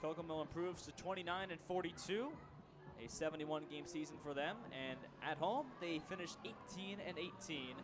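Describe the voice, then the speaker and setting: A man's voice: fairly high pitch, moderate pace, background noise. A young man doing play-by-play on a baseball radio broadcast, reading final stats and signing off with dry sarcastic humor from a ballpark booth. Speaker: play-by-play announcer. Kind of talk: sports radio sign-off.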